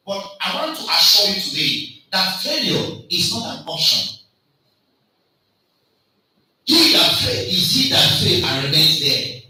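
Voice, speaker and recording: Loud emphatic man speaking in an echoey hall. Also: high-pitched, wildly swooping pitch, measured pace, pauses often. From Africa. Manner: loud, emphatic, call-and-response questions. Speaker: conference speaker. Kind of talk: motivational lecture. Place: large lecture hall. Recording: echoey hall, mic far off, faint noise.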